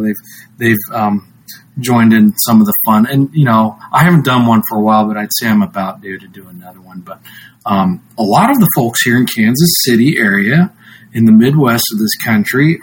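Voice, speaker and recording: A man's voice: lowish voice, slight background noise, low-quality recording. A man from the United States, a podcast guest talking casually, rambling with many fillers and frequent laughs. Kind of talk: casual interview talk.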